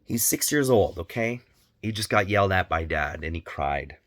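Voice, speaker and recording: Low-voiced male vlogger, earnest and repetitive, dry close sound. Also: lively intonation, moderate pace, a bit bright, no echo. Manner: earnest, repeats phrases for emphasis. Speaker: parenting vlogger. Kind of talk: candid personal monologue.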